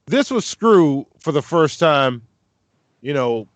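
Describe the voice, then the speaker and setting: A man's voice: fairly high pitch, very animated, slow pace, dry recording. A man hosting a podcast in loose, profane chat, fumbling as he cues up clips. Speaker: podcast host.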